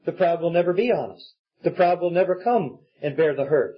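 A man preaches with earnest conviction, his voice pitched high and slightly husky. He breaks into acted-out pleas as he makes his points, and the recording sounds dull and lo-fi. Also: animated, brisk. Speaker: pastor. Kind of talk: sermon.

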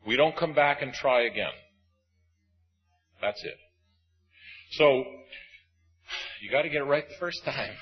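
A man preaching a sermon, emphatic and swinging between loud and hushed. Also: mid-range voice, a little slow, pauses often, breathy edge, dull audio, soft background music.

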